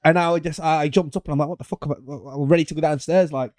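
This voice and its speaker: A man's voice: a little high, steady tone, rapid-fire, a little mellow, dry recording, studio quality. A man co-hosting a podcast in casual chat, telling stories animatedly, swearing and laughing. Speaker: podcast co-host.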